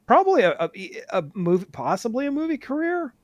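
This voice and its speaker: A man co-hosting a casual podcast, joking deadpan and tripping over restarts and fillers. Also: very high-pitched, brisk, no echo. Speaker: podcast co-host.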